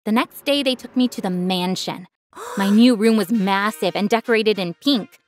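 A woman narrating an animated first-person story in a clear, expressive scripted voice. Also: medium pitch, moderate pace.

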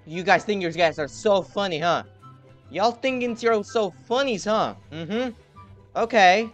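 A young man giving excited gameplay commentary, trash-talking and yelling at other players. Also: high-pitched, measured pace, soft background music. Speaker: gaming youtuber.

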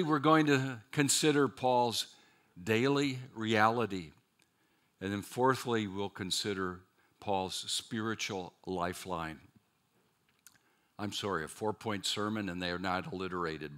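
A man preaching a chapel sermon at a seminary, lively and dramatic, with rhetorical questions and wry asides to his listeners. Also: mid-range voice.

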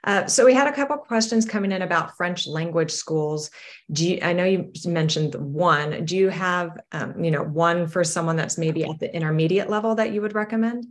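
A woman's voice: lowish voice, normal speed. A woman hosting a webinar and reading out audience questions, friendly and sometimes hesitant. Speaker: webinar host and moderator.

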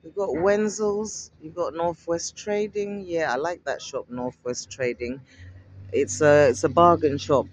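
A woman from Africa chatting to camera while she walks outdoors along a busy street. She repeats herself a lot, asks her viewers many rhetorical questions and gets excitable. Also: deep voice, slight background noise, low-quality recording. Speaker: vlogger. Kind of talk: casual walking vlog to camera.

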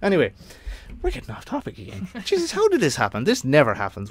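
A man's voice: a little high, huge pitch swings, fast. A young Irish man co-hosting a community radio show, rambling through jokey banter with his friends and often laughing. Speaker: radio co-host.

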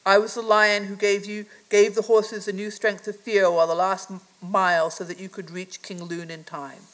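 A woman reading aloud the lines of a great, calm male lion, in a grave and measured way. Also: medium pitch, close to an everyday voice, low-quality recording. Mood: solemn. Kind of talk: reading a children's novel aloud in a lecture.

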